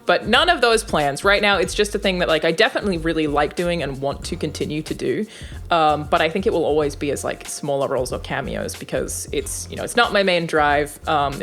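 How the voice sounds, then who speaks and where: A young woman with a low, deep-set voice speaks as an interview guest, chatty and loose with lots of fillers. Faint music sits under her. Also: fairly bright tone. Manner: chatty, many fillers and laughs. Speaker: interview guest, game voice actor. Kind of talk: casual interview chat.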